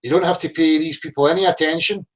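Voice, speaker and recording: A man's voice: on the high side, fairly even intonation, fast talker, poor audio. A man hosting a casual livestream, blunt and sweary, greeting chat viewers by name. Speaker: livestream host.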